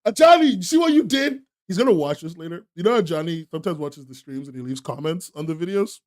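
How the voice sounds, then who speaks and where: High-voiced young man laughing through mock outrage. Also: animated, fast. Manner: laughs often, mock outrage, talks to chat. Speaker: streamer. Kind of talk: live stream chat.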